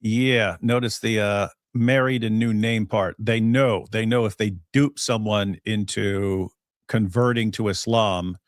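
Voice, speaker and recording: A man's voice: lowish voice, fairly even intonation, measured pace, no room sound, clean studio sound. A man co-hosting a livestream in casual chat, rambling and laughing at his own jokes. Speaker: co-host.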